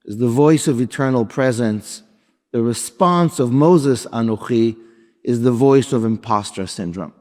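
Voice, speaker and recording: A man giving a sermon as a rabbi, retelling a story with reflective pauses and sudden drops in volume. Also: mid-range voice, lively intonation, a little mellow. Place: large sanctuary before a congregation. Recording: long reverb of a large hall.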